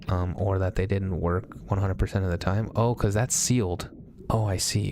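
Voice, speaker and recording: A man hosting a let's play, chatting casually and thinking aloud as he plays, often pausing with hesitations. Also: sits low, fairly even intonation, background noise. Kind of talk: casual gameplay commentary.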